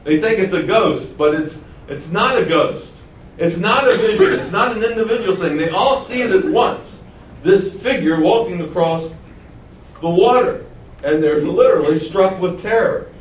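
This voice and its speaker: Male preacher, slightly high voice, chatty sermon with chuckles, echoey and off-mic. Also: lively intonation, normal speed, a little hiss or hum. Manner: conversational, chuckling asides. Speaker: preacher teaching the Bible. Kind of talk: sermon, Bible teaching. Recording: roomy and distant, faint ambience.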